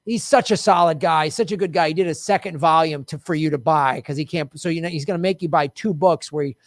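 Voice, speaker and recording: A man hosting a casual political talk show, talking in an animated, indignant way and mocking people in quoted voices. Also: on the high side, fast, no echo, studio quality. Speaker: podcast host.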